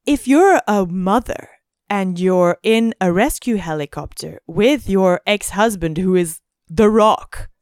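A woman co-hosting a podcast, chatting casually about a movie and mocking lines in a high voice. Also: takes it slowly, clean tone, no room sound, clean studio sound. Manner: animated, mocking quotes in a high voice. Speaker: podcast co-host.

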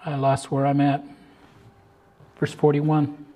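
An older man, a pastor, preaching a sermon and reading scripture aloud, rising to loud emphatic peaks and then dropping to quiet, reflective asides. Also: on the high side, completely flat delivery, slow pace.

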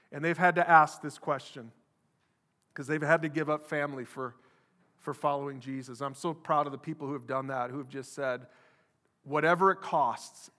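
Bright-voiced preaching man in a reverberant hall. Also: on the high side. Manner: animated preaching, acts out quoted voices. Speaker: pastor. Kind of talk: sermon.

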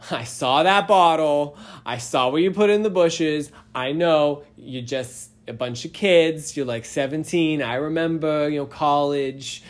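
A man putting on a stern but lenient male police officer with a Boston accent, delivering slow, drawn-out warnings. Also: a little high, voice pushed up, natural voice. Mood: lecturing.

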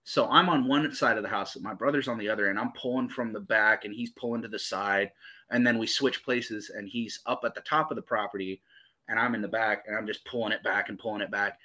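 A man with a bright, forceful voice spins profane, animated stories in a loose podcast chat. He talks as the host, full of swearing and energy. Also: fairly low pitch, brisk. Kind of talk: casual storytelling chat.

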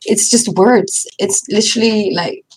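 A woman's voice: medium pitch, measured pace, a little mellow, breathy edge, rough recording. A Norwegian woman, a native Norwegian speaker, chatting casually in English with frequent giggles. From Norway. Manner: giggly, chatty, self-deprecating. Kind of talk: casual chat.

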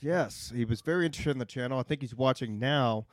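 A man co-hosting a casual podcast, prompting his friends to tell their stories in a relaxed way. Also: medium pitch, fast talker, no echo, studio quality. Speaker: podcast co-host. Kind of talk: casual chat.

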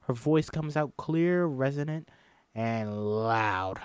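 A man's voice: mid-range voice, takes it slowly, smooth, no echo, clean studio sound. A man doing a solo table read of a film script, reading the stage directions and voicing every part himself. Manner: reads stage directions and voices all parts himself, animated. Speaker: script reader.

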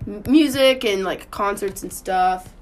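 A woman in her twenties co-hosting a podcast, telling stories in an animated, sweary way. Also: mid-range voice, measured pace, far from the mic, slight background noise. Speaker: podcast co-host. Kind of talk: casual chat.

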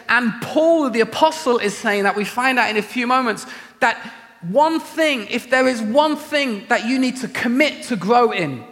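A man preaching a sermon to a church, casual and animated, with conversational asides. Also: high-pitched. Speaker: pastor. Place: church auditorium. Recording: reverberant hall.

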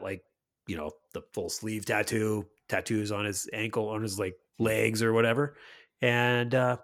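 A man's voice: on the low side, bright, forceful tone. A middle-aged man co-hosting a podcast, chatting casually and rambling with many fillers and restarts. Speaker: podcast co-host. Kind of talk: casual chat.

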